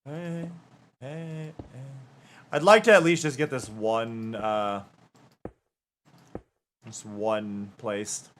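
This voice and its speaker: A man's voice: on the low side, slow pace, pauses often, fairly bright tone, a little hiss or hum. A man streaming live and chatting casually, rambling and chatty, with hums and half-sung bits.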